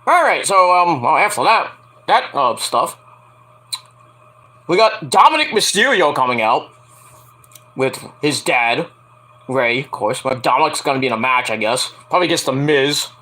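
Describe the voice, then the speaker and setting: A man casually reviewing a wrestling show, animated, laughing often and swearing freely as he mocks what he watched. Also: a little high, moderate pace, pauses often. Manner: animated, laughing often, profane, playfully mocking. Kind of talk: casual reaction commentary.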